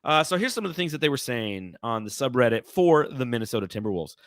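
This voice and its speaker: A man co-hosting a sports podcast in casual chat, excitable and quick to laugh, reading out fan comments. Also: medium pitch, dry recording, clean studio sound. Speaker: podcast co-host.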